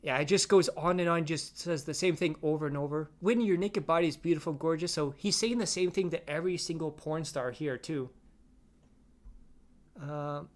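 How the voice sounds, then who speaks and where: An online drama commentator doing reaction commentary, reading chat comments aloud in a flat, weary way with exasperated asides. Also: mid-range voice, normal speed.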